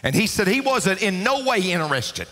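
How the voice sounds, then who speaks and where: Emphatic preacher in a reverberant church. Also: male voice, sits high, very animated, moderate pace. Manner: emphatic preaching, rising to shouts; repeats key lines for emphasis. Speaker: pastor. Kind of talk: sermon. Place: church sanctuary. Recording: long reverb of a church hall.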